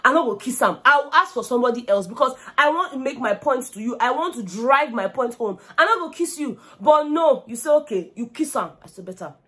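A young woman with a Nigerian accent giving gossipy, animated commentary on a reality show, slipping into Pidgin. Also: sits high, a little fast, hardly any pauses. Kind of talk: casual vlog commentary.

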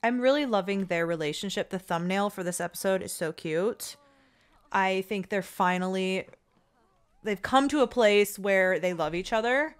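A woman casually commentating her own gameplay, chatty and excitable, pleading with the dice and cooing at the characters. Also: medium pitch, moderate pace, smooth. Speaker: gaming channel host. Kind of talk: casual let's-play commentary.

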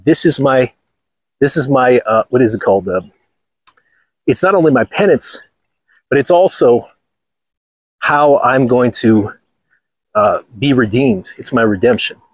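A blunt, crude man rants and mocks as he walks a golf course, laughing often. His voice is husky and breathy, and his pitch swings about widely. The sound is dry, with little echo. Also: animated, a little slow, pauses often. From Los Angeles, USA. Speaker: channel host. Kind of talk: casual walking vlog rant.

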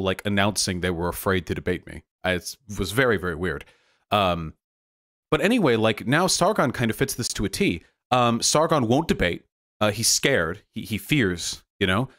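A man giving heated livestream commentary, animated and mocking, with frequent fillers. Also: fairly low pitch. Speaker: streamer.

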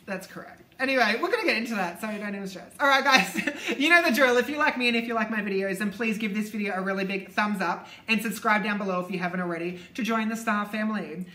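A woman's voice: mid-range voice, quick pace, hardly any pauses, bright, forceful tone. A young woman hosting a casual vlog with friends, bubbly and laughing, swearing freely as she chats. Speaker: YouTube vlogger host. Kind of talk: casual chatty intro with friends. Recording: echoey room.

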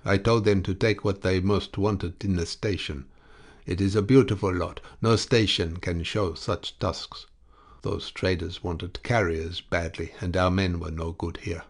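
A man voicing a calm, impassive male station clerk in an audiobook, speaking broken English slowly and evenly. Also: deep voice. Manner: broken English, unhurried and even. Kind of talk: audiobook character voice.

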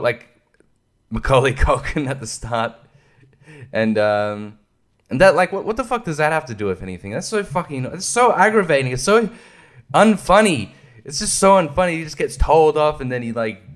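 Man, young, solo podcast host: loose, profane rambler who laughs a lot. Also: mid-range voice. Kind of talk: casual chat.

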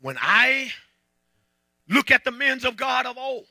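High-voiced preacher shouting in church. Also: male voice, sing-song, measured pace, no echo. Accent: Southern American. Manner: preaching with call-and-response, shouting and half-singing. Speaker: pastor. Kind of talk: sermon. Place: church sanctuary.

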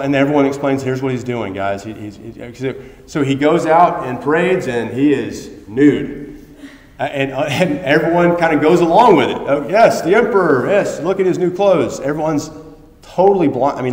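Male pastor, casual conversational sermon, lively storytelling with restarts, recorded in a reverberant sanctuary. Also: mid-range voice. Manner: animated storytelling with frequent restarts and rhetorical questions. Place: church sanctuary. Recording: echoey church hall with long reverb.

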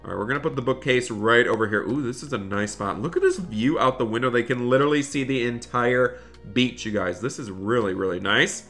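A man's voice: medium pitch, brisk, a bit bright, soft background music. A man doing chatty Roblox roleplay commentary, talking to viewers and his in-game son, with dramatic bursts of dismay.

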